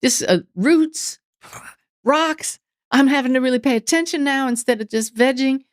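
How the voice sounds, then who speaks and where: A woman being interviewed as a medium, telling lively stories and acting out inner dialogue. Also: high voice, moderate pace, dry recording, clean studio sound. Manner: animated storytelling, voices inner dialogue. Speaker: guest medium. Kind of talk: interview conversation.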